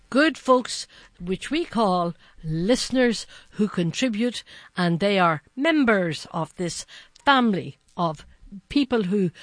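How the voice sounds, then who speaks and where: A woman's voice: mid-range voice, no echo, clean studio sound. Emphatic woman co-hosting radio. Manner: emphatic, talks faster when worked up. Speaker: radio co-host. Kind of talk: casual on-air chat, fundraising pitch.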